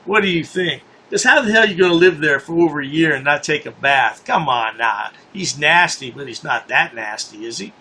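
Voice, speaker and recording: Sarcastic man with a bright, higher voice. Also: animated, fairly quick, few pauses, breathy edge. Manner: sarcastic, scornful, repeats himself for effect. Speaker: commentary channel host. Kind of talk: mocking commentary on news clips.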